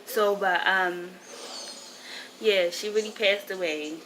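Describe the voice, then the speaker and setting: A woman vlogger in her twenties, upset and grieving, tells a rambling personal story to camera, often correcting herself. Her mid-range voice moves slowly over a noisy background.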